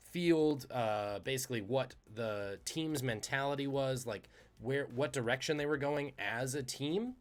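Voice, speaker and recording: Male podcast host, casual trivia storytelling, animated, chatty, mid-pitched voice. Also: moderate pace.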